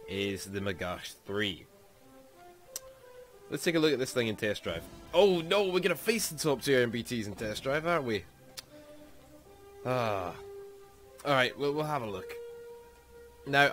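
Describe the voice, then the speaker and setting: Excitable Scottish gaming YouTuber. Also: male voice, mid-range voice. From Scotland. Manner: excitable, exclaims often. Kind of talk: casual gameplay commentary.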